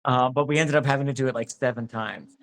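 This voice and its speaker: A man's voice: mid-range voice, fairly even intonation, fast, fairly bright tone. Rambling, hesitant man. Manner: rambling, hesitant, many restarts and fillers. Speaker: actor, interview guest. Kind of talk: casual interview chat.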